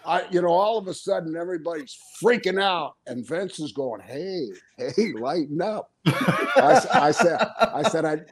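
A man's voice: a little high, expressive, moderate pace. An older man, a former pro wrestler, telling stories in a casual interview. He talks animatedly, laughs often and acts out the things people said.

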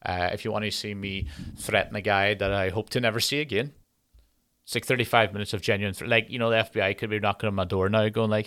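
Young podcast host, sweary and rambling, lowish voice with a bright edge. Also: male voice, quick pace. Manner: rambling, profane, jokey. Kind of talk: casual chat.

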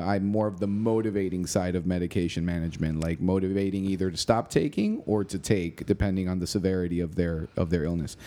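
Low-voiced laid-back man chatting. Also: a little mellow. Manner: easygoing, swears casually, frequent "you know" and restarts. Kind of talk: casual chat.

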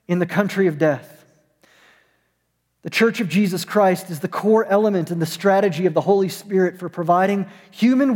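A man's voice: high-pitched, a little mellow, big-room sound. A man preaching a sermon as pastor, telling a story and acting out the voices of the people in it. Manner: storytelling, acts out voices in anecdotes. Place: church, online service.

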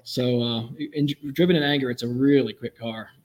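A man who builds custom vehicles, telling animated, enthusiastic stories as a podcast guest. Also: mid-range voice, low-quality recording. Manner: animated, enthusiastic, quick storyteller. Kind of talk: casual storytelling in a podcast interview.

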